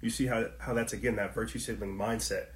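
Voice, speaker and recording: A man's voice: on the low side, fairly even intonation, quick pace. Fired-up man ranting in an echoey room. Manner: fiery, rhetorical questions, slangy asides to viewers. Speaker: online commentary host. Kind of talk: impassioned livestream commentary.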